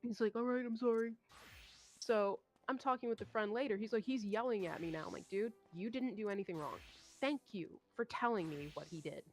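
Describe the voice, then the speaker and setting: A young woman chats casually on stream, telling a long story with plenty of swearing and animated quoted voices. Her pitch sits mid-range for a woman. Faint music plays quietly behind her. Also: a little fast.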